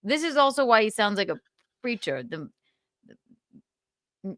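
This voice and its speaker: A woman's voice: mid-range voice, very animated, a little slow, pauses often, a bit bright, no room sound, clean studio sound. A woman hosting a livestream, chatting casually and giggling as she reacts to a clip. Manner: giggly, musing aloud. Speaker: livestream host.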